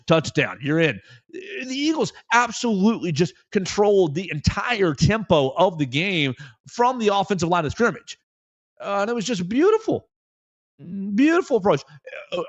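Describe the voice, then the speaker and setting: A man hosting a sports talk show, giving solo commentary in an animated way and repeating phrases for emphasis. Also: on the high side, normal speed, dry recording, dull audio.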